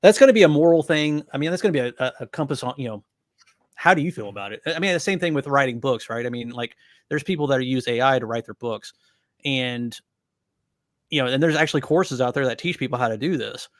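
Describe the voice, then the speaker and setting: A man's voice: medium pitch, animated, fast talker, no echo, studio quality. A man co-hosting a podcast, chatting casually in a rambling way with many fillers. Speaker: podcast co-host.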